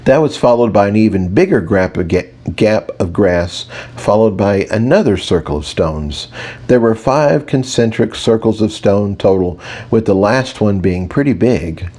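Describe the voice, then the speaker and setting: A man's voice: fairly low pitch, animated, moderate pace, warm tone. A man narrating a fantasy audiobook in the first person, wry and conversational.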